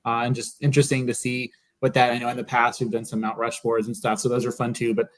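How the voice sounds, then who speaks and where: A man hosting a sports podcast, relaxed and casual, with many fillers. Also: medium pitch, quick pace. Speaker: podcast host. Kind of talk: casual chat.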